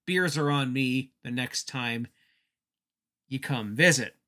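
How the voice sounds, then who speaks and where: A man's voice: medium pitch, sharp tone. A man hosting a podcast, recapping casually with wry, chatty asides. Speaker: podcast host.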